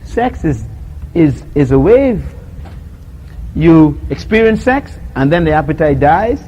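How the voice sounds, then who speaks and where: Taking his time, a fairly high-pitched man gives a conversational sermon on love, acting out quotes and little scenes with lively storytelling. He laughs softly often as he makes points and questions his listeners. It's a rough recording with slight background noise.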